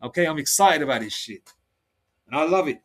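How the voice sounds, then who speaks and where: A man preaching in a rambling, excitable monologue, with many restarts and slow read-aloud scripture passages. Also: on the high side. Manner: reads scripture slowly, aloud; excitable, heated outbursts. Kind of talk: solo religious monologue.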